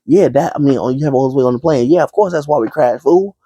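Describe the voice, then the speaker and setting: A man's voice: mid-range voice, quick pace, mellow, husky, dry recording, voice pushed up. A man voicing an exasperated adult man who scolds a pilot in a mocking way.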